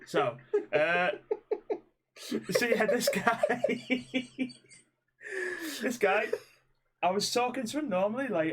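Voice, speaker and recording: A young man chats on a podcast, sweary and laughing as he tells stories. His voice sits a little high and swings lively in pitch as he plays out the lines of the people in them. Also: slow, pauses often, slight background noise. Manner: swearing storyteller, acts out quotes with laughs. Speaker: podcast co-host. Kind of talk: casual chat.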